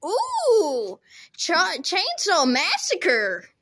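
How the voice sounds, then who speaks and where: High, excitable shrieking woman. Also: extremely slow. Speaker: lead player in a homemade comedy series. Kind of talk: playful improvised pretend play.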